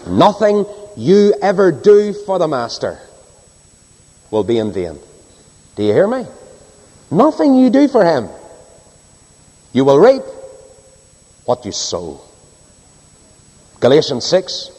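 Impassioned preacher in a reverberant hall. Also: male voice, wildly swooping pitch, slow pace, long pauses, slightly rough. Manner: impassioned, swinging between soaring high cries and low hushed drops. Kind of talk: sermon with scripture reading.

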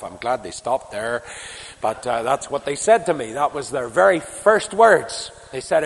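A man with a Northern Irish accent preaching a sermon, swelling to loud emphasis and dropping to hushed asides. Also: medium pitch, lively intonation, normal speed. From Northern Ireland. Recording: sermon tape in a reverberant hall.

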